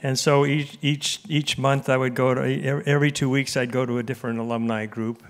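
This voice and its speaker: An older man in his seventies speaks at an ordinary middle pitch to a crowded auditorium. He is a relaxed, easygoing storyteller who leans on dry, self-deprecating humor as he opens his conference talk. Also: fairly quick. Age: 70s. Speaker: guest speaker, emeritus professor. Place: auditorium before a live audience.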